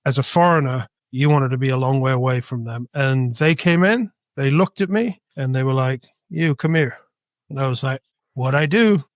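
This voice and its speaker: A middle-aged man raised in Spain, a podcast guest telling a story in a casual, animated way, jumping into high voices when he quotes people. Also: a little fast, hardly any pauses, no echo, studio quality. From Britain, raised in Spain.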